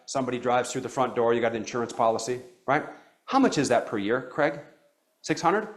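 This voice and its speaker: A middle-aged man coaching a live training seminar. He talks in an animated way, keeps checking in with "okay?", and fires questions at the room. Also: medium pitch, a little fast. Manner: asks the room questions and calls on listeners. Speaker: practice coach.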